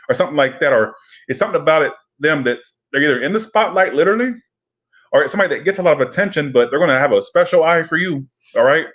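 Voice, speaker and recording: A man's voice: on the high side, animated, rapid-fire, fairly bright tone. A man giving a casual tarot reading, chatty and rambling, with frequent swearing and asides. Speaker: tarot reader.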